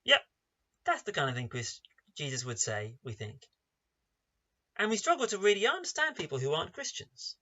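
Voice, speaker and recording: A man preaches with a high, bright voice that rises and falls with emphasis. He drives his sermon with rhetorical questions. The recording sounds dull and lo-fi. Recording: dull lo-fi online service recording.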